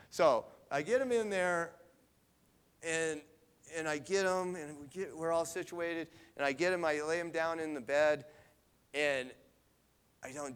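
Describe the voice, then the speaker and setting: This middle-aged man speaks at a moderate pace in a higher, fairly bright, clean voice while recounting a personal story in a devotional talk. He stays conversational, regularly checking in with listeners through a tag of "right?".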